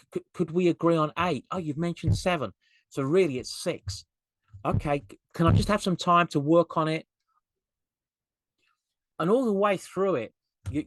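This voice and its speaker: A man's voice: a little high, no echo. Yorkshire man presenting on a video call. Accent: Yorkshire English. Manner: conversational, repeats words, acts out dialogue. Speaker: negotiation consultant. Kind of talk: webinar presentation.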